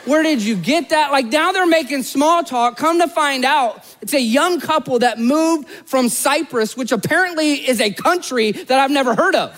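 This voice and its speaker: A pastor delivers a sermon in a relaxed, chatty way, poking fun at himself as he tells a story. His voice sits high for a man. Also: moderate pace, hardly any pauses. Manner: conversational storytelling with self-deprecating humor.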